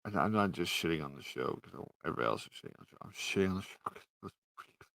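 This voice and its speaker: A man's voice: low-pitched, animated, rapid-fire, gravelly, fairly bright tone, no echo, poor audio. A man ranting sarcastically and profanely in a casual review, a little tipsy. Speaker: TV show reviewer.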